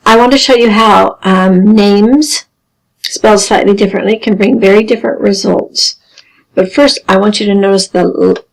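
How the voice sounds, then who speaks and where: A woman teaching a genealogy lesson, explaining carefully with dry deadpan humor. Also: medium pitch, vocal fry, poor audio. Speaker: genealogy instructor. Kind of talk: recorded lesson over slides.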